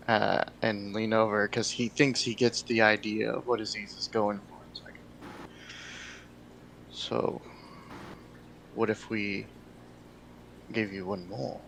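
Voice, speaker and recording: Laid-back guy playing d&d, lowish voice, bit of background noise. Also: creaky, a bit bright, low-quality recording. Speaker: player. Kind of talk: casual tabletop play.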